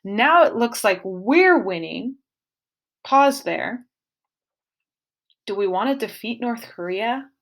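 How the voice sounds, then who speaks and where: A woman's voice: on the high side, expressive, slow, pauses often. A woman teaching a casual history lesson, talking to her students directly and adding playful, dramatic asides. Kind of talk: casual classroom lecture.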